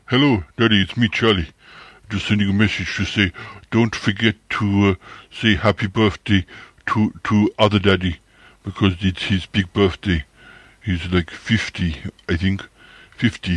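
A man doing a deep, husky pie-loving creature. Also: steady tone, no echo. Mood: boastful. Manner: rambling, halting, self-important. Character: pompous pie-eating male creature celebrity.

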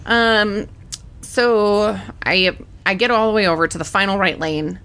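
A woman's voice: a little slow, clear, resonant tone. A young adult woman co-hosting a podcast, telling a story in casual chat and acting out the people she quotes. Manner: animated, acts out quotes with pitch jumps. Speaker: podcast co-host.

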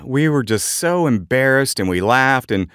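A man from Arkansas, hosting a podcast and telling a story in an animated, casual way. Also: moderate pace, clean tone, no echo, studio quality. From Arkansas, USA. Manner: animated, jumps high when quoting others. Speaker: podcast host.

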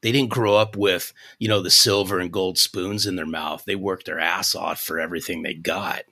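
A man in his fifties, a sales coach guest on a podcast, telling a story in an animated, folksy way. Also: deep voice, moderate pace. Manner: animated, restarts sentences, folksy.

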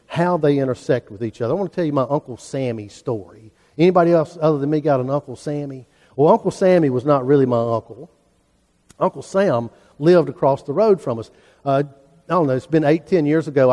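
A man's voice: fairly high pitch, dark tone. A middle-aged man, preaching a sermon in an earnest, folksy storytelling manner. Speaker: pastor. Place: church sanctuary. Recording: preacher in a large reverberant church.

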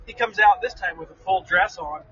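A man with a bright, high voice tells a story animatedly in casual chat, acting out the voices of the people he quotes. The recording is dull and lo-fi, with faint noise in the background. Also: a little fast. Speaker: storyteller in conversation.

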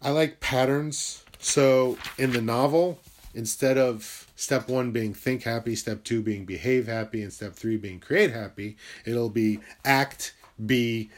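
A man talking through a rambling, confessional video monologue about self-help and his writing. He swears freely and his voice swings from loud, heated bursts to quiet muttering. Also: fairly low pitch.

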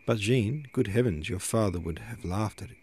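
A man voicing a gentle, amused middle-aged mother who coaxes and soothes in a storybook reading. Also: on the low side, moderate pace, a little hiss or hum, natural voice. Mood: coaxing. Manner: soothing, lightly coaxing.

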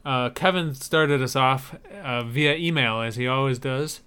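A man's voice: mid-range voice, a little slow, bright, forceful tone, smooth. A man co-hosting a podcast in casual chat, wry and chuckling as he reads out listener emails. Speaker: podcast co-host.

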